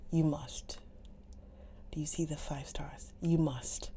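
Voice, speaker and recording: A woman hosting a live stream, chatting casually with viewers, gushing over books and often slipping into a soft whisper. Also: low-pitched, steady tone, slow pace. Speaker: livestream book reader host. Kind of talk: casual livestream chat.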